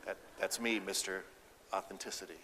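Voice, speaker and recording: A man's voice: sits low, normal speed, in a large hall, background noise. A man giving a humorous keynote talk, acting out quoted lines in a raised, playful voice. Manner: animated, acts out quotes with a raised voice. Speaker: keynote speaker.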